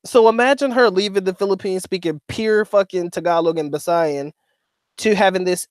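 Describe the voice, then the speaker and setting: A man's voice: high voice, moderate pace, no room sound, studio quality. A man co-hosting a casual livestream, reading chat and talking in a slangy, profane, laughing way.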